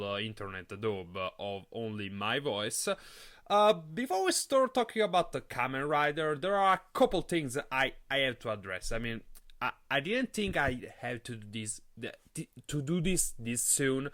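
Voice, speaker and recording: Stammering, animated young male podcast host. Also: mid-range voice, moderate pace. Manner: stammering, repeats words while talking; animated, excitable. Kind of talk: live solo podcast chat.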